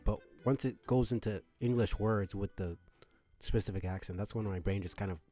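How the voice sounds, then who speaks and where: A man's voice: fairly low pitch, moderate pace, mellow, soft background music. Male streamer, casual gaming chat, swears, self-deprecating. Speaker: let's play streamer.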